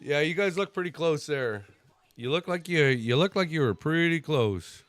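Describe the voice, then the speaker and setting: A man's voice: fairly high pitch, animated, normal speed, fairly bright tone, no echo. Joking man on a hockey watch-along stream. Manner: joking, tells crude stories, laughs often. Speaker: livestream host. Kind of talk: casual chat while watching hockey.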